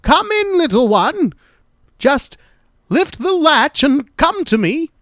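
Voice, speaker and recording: A man's voice: very high-pitched, big pitch swings, takes it slowly, fairly bright tone, dry recording, clean studio sound, voice pushed up, exaggerated voice. A man voicing a small, frail and sick elderly grandmother who speaks in a thin, kindly, quavering voice in a spooky storybook tale. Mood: welcoming.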